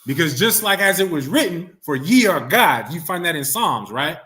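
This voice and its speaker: A man leading a religious study class, his voice sitting a little high and sounding bright and forceful. He presses his students with question after question and repeats himself to coax out answers. He slows right down to read scripture aloud. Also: sing-song. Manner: coaxing, repeats himself, reads scripture slowly.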